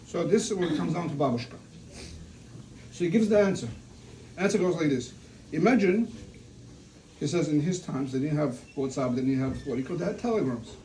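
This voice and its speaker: A man's voice: a little high, animated, a little fast, long pauses, warm tone. A man giving an informal religious talk at a family gathering, telling stories and asking rhetorical questions. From Russia. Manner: storytelling, restarts and rhetorical questions. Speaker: family member giving a eulogy. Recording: distant mic with faint room noise.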